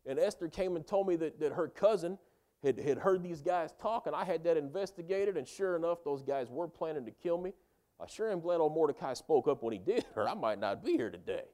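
A man's voice: a little high, animated, brisk, warm tone, lightly acted. A man voicing an ancient king who talks in laid-back modern slang. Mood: amused.

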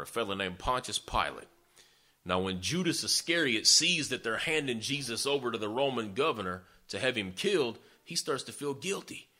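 A man with a medium-pitched, sharp-toned voice preaches by retelling scripture in a folksy, conversational style, tossing in sarcastic asides as he tells the story.

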